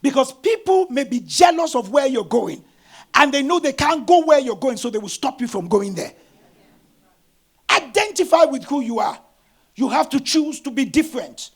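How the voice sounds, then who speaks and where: A middle-aged man, a pastor, preaching a sermon with animated storytelling and bursts of shouting. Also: extremely high pitch, moderate pace.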